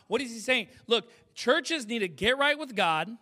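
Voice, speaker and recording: Male pastor, very high voice, punchy emphatic sermon delivery, keeps asking the crowd questions. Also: animated, normal speed, hardly any pauses, pushed and bright. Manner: emphatic preaching with rhetorical questions.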